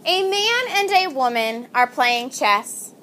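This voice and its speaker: A woman's voice: sits high, animated, slow, sharp tone. A woman teaching a vocabulary lesson in a classroom, upbeat and calling on students by name.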